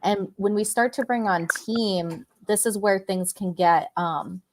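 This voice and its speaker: A woman guest, a business coach, speaking in casual chat with a measured, encouraging coaching manner. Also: medium pitch, noisy background.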